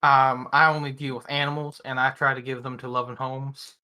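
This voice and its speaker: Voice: mid-range voice, little pitch movement, brisk, bright, forceful tone, voice pushed down, close to an everyday voice. A game master voicing a polite, apologetic male animal merchant who is picky about buyers.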